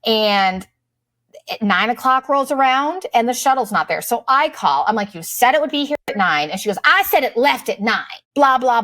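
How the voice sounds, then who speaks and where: A woman's voice: a little high, fairly bright tone, no echo. A middle-aged woman telling a travel story in a casual, profane, exasperated and sarcastic way. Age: late 30s to 40s. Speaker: vlogger.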